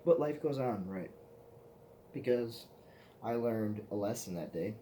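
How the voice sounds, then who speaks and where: A man's voice: on the low side, animated, unhurried, dark tone, slight background noise. A man telling rambling, profane stories to the camera in a casual vlog, often laughing at himself. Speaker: vlogger.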